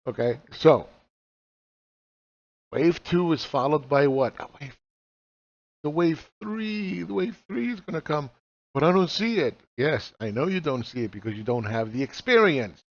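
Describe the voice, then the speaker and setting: Animated and a little slow, a man in his forties with a higher-pitched voice and no echo casually explains chart reading. He's profane and blunt, tossing out rhetorical questions, on slightly dull lo-fi audio.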